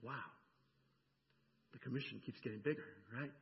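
A middle-aged man preaching a sermon, animated, swinging between loud emphasis and hushed near-whispers. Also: mid-range voice, moderate pace, gravelly. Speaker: pastor. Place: church sanctuary. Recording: dull, echoey church recording.

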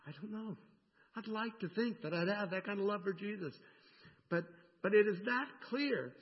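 A middle-aged man preaching a sermon, animated, swinging between loud emphasis and hushed near-whispers. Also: high-pitched, moderate pace. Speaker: pastor. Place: church sanctuary. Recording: dull, echoey church recording.

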